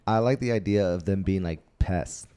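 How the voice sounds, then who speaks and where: A man's voice: deep voice, normal speed, warm tone, smooth. A man co-hosting a podcast in casual chat, laid-back and drifting into half-finished thoughts. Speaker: podcast co-host.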